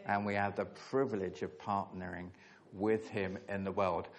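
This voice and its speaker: A man preaching a sermon, earnest and emphatic, leaning hard on key words with pauses between phrases. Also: sits low, flat delivery.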